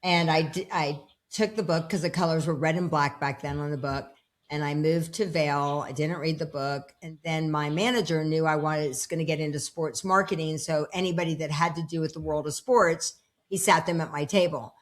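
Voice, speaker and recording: A woman in her fifties who works as a personal development coach tells her story in a relaxed interview at home, with dogs nearby, acting out the dialogue as she goes. Her voice sits low, with a steady tone and a normal pace.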